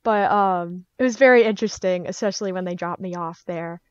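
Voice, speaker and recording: A woman's voice: lowish voice, fairly quick, smooth, no echo, muffled recording. A young woman, a guest on a podcast, chatting casually and acting out voices as she tells her stories. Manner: lively storyteller, acts out her parents' voices. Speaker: guest, artist and fursuit maker.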